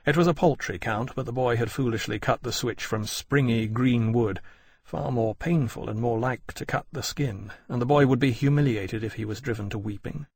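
A man narrating an audiobook in an even, measured storytelling way. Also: mid-range voice, husky, no echo. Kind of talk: scripted narration.

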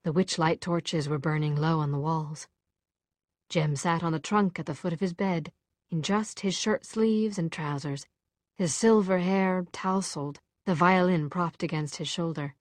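Brief: woman audiobook narrator, slow and lowish, dry close sound. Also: steady tone, no echo. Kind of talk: scripted narration.

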